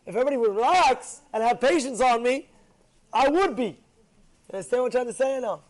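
A man teaching a Torah class, talking in an animated way, repeating phrases for emphasis and acting out the people in his examples, with Hebrew and Yiddish words mixed in. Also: very high voice, brisk.

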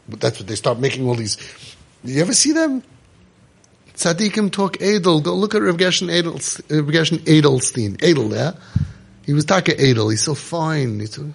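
A man's voice: mid-range voice, slightly rough. A man giving an impassioned religious lecture to parents, scolding and rhetorical, sprinkling in Hebrew and Yiddish terms.

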